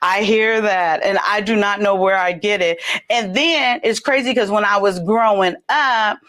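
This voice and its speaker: A middle-aged woman with a Southern accent hosting a casual livestream, chatty and laughing often, with sudden jumps in pitch. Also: measured pace, fairly bright tone. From California. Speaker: livestream host.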